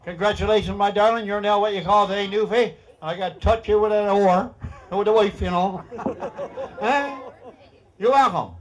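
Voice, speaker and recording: Speaking at a moderate pace in a voice that sits high, a man with a Newfoundland accent emcees a screech-in. He leads the ceremony with teasing, folksy banter and laughs often.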